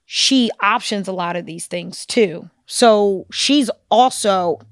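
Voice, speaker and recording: A woman co-hosting a book podcast, talking in an animated, conversational way with frequent asides. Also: medium pitch, slow pace, no echo, studio quality. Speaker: podcast co-host. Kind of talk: casual book discussion.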